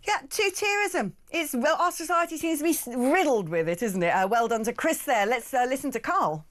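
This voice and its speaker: A woman hosting a radio phone-in, briskly reading out listener messages and answering callers. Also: sits high, animated.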